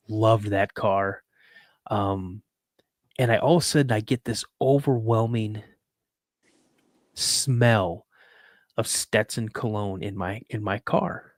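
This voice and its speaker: A man's voice: on the low side, no room sound, clean studio sound. Earnest man telling a personal story. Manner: earnest, halting, with restarts and fillers, fighting back emotion.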